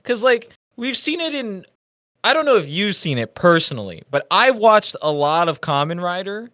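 A young man co-hosting a casual review chat, lively and acting out quotes in a raised voice. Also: high-pitched, normal speed, no room sound, studio quality. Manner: animated, acts out quotes in raised voice. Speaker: podcast co-host.

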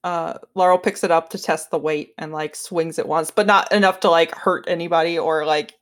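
A woman's voice: sits low, fairly even intonation, normal speed. A woman playing a tabletop game who casually narrates what her character does and often says "like.". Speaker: player.

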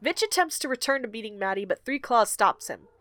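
A woman's voice: a little high, expressive, a little fast, a bit bright, no room sound. A woman co-hosting a podcast, summarizing a book chapter in a casual chat and often laughing. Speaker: podcast co-host recapping a book.

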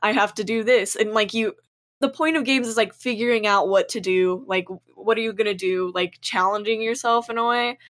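A woman's voice: on the high side, normal speed, a bit bright. A woman guesting on a podcast, chatting casually, rambling with lots of fillers and casual swearing. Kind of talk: casual chat.

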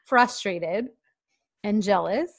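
A woman's voice: medium pitch, slow pace, creaky, no echo, clean studio sound. A woman in casual chat, recapping a TV episode and acting out the characters' lines. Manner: animated, acts out scenes in quoted voices. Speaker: podcast co-host.

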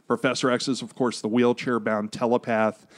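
Man, podcast co-host, casual comic chat, long jokey explanations, mid-pitched voice. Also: flat delivery, normal speed. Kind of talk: casual comic book discussion.

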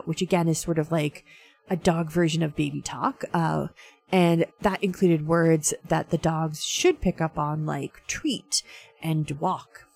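A woman's voice: lowish voice, gravelly, a little mellow, husky. A woman hosting a casual talk segment, chatty and full of fillers as she walks through a science story. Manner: chatty, many fillers, self-described science dork. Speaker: host.

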